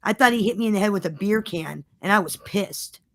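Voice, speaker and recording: Woman, mid pitch, defiant and foul-mouthed, repeats herself, dry close recording. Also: a little fast, fairly bright tone, no echo. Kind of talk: casual storytelling.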